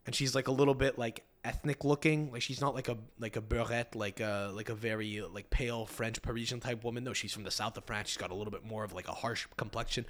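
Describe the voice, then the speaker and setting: A man's voice: mid-range voice, fairly even intonation, fast, hardly any pauses. Crude rambling man hosting a podcast. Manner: crude, profane, rambling with many restarts. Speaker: podcast host. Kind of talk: casual comedic riffing.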